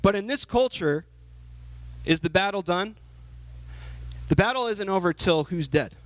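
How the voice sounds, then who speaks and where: A young man giving a lively youth sermon, asking the audience questions and acting out the characters in the story. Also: high-pitched, measured pace, no room sound, poor audio. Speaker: youth pastor.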